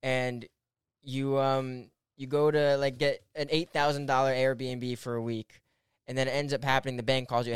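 A young man chatting casually, curious and quick to swear. His voice sits mid-range and is smooth. It is recorded dry and close. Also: medium pitch, little pitch movement, no echo. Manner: curious, questioning, profane. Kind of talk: casual chat.

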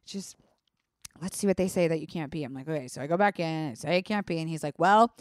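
A young woman hosting a vlog, telling a personal story in a casual, animated way, swearing often and filling her talk with "like". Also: low-pitched, quick pace, no echo, studio quality. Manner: animated, profane, lots of "like". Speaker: vlog host.

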